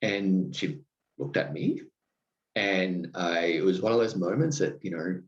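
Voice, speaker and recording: A man hosting a podcast, telling wry, self-deprecating stories in a halting way with many ums and restarts. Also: low voice, lo-fi sound. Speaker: podcast host. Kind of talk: reflective podcast monologue.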